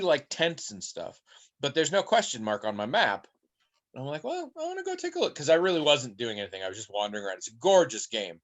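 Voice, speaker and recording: A man co-hosting a podcast tells long, rambling stories in casual chat. His pitch jumps around a lot as he acts out little voices along the way. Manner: rambling animated storytelling with mimicked voices. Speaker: podcast co-host.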